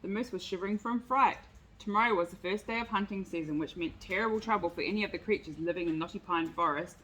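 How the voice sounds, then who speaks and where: A woman's voice: medium pitch, fast talker, a bit bright, rough recording. A woman reading a picture book aloud with expression. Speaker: storyteller.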